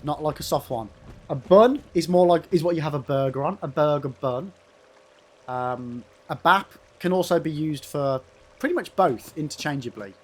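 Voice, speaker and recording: A man's voice: a little high, normal speed, darkish tone. A man with an English Midlands accent chatting casually with his stream's chat while playing, swearing freely and answering viewers by name. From England. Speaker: gaming streamer. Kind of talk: casual livestream chat reading viewer messages.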